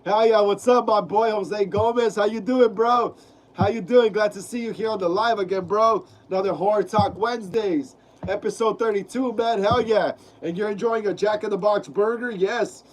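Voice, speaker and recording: On a horror film live stream, the host is a man with a high-sitting voice who sounds stuffy and nasal from a clogged nose while sick. He casually reads out comments in slang, repeats his phrases, and calls viewers "bro." The recording is low quality.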